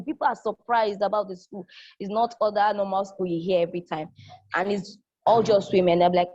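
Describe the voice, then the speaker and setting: A young woman talks eagerly about her student life, circling back to repeat her points. Her voice sits mid-pitch for a woman. The recording is dull and lo-fi, with a dry, close sound. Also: a little fast, warm tone, no echo. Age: young adult. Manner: enthusiastic, repeats phrases, acts out quoted people. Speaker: college student. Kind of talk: casual spoken testimonial.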